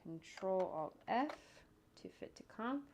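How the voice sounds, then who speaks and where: A woman's voice: mid-range voice, expressive, takes it slowly, darkish tone, slight background noise. A woman animator casually narrating her work as she goes, thinking aloud with jokey asides and humming to herself. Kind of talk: casual narration while working on screen. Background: faint computer keyboard typing and clicks.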